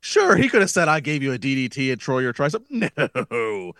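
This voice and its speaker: A man's voice: medium pitch, sing-song, fast, vocal fry, fairly bright tone, no echo, clean studio sound. A man co-hosting a podcast, talking about wrestling in a joking, mock-dramatic way. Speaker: podcast co-host. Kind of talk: casual wrestling talk.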